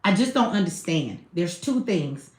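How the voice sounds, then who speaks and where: A woman's voice: on the low side, sing-song, measured pace, darkish tone, roomy sound. A woman hosting a livestream, talking bluntly to her chat with plenty of cursing. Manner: blunt, profane, talks straight to chat. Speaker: livestream host. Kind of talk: livestream commentary.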